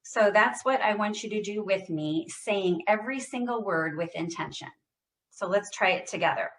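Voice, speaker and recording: A woman speech therapist leading a guided voice exercise class over a computer mic. She speaks deliberately, stresses every word and projects loudly when she models phrases. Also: medium pitch. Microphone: computer mic on a video call.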